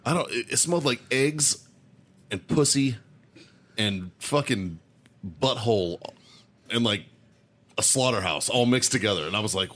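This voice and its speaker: A man's voice: medium pitch, unhurried, pauses often. A man co-hosting a podcast, telling a crude story in casual chat, swearing and laughing often. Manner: profane, excitable, laughing storyteller. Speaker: podcast co-host.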